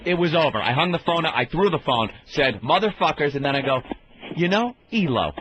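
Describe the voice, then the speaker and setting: A man's voice: mid-range voice, quick pace, background noise. A male comedian telling a story on a radio show, acting out everyone in it with profane, indignant energy. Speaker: comedian guest. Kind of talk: animated comic storytelling. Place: radio studio. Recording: dull lo-fi radio broadcast.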